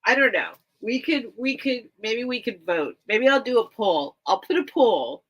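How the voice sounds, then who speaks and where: A woman's voice: a little high, expressive, unhurried, muffled recording. A woman hosting a casual livestream, reading a children's book aloud and rambling between pages, teary and close to crying. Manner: rambling, chatty, heavy on "like" fillers. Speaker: livestream seller.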